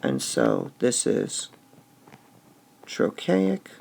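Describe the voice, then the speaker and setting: A man teaching a recorded lesson, speaking slowly and deliberately and stressing syllables out loud as he explains. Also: low-pitched, wildly swooping pitch, vocal fry. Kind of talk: recorded lesson on poetic meter.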